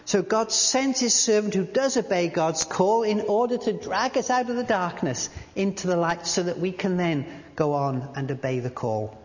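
A man preaching a sermon in a church, halting at times with fillers and restarts, and reading aloud from a book. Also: sits high. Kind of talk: sermon with a read-aloud story. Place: church hall. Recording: dull sound in a large reverberant hall.

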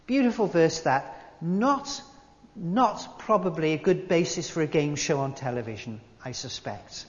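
Brief: male preacher, relaxed sermon, slightly higher voice, dull muffled recording. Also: measured pace, long reverb tail. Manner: conversational, gently humorous.

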